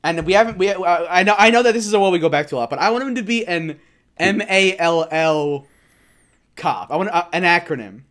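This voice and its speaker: A man co-hosting a comedy film podcast, excitable and pitching silly ideas in casual chat. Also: fairly quick. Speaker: podcast co-host.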